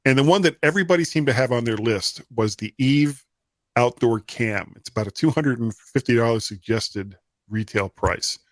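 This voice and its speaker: A man's voice: mid-range voice, moderate pace, no echo. A man from the US co-hosting a casual tech podcast, laid-back, with dry joking asides. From United States. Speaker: podcast co-host.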